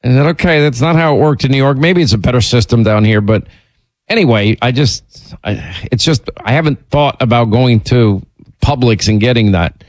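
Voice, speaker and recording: A middle-aged radio host tells stories on air in a casual, rambling, animated way, speaking at normal speed in a dry recording. His pitch jumps up whenever he gets indignant.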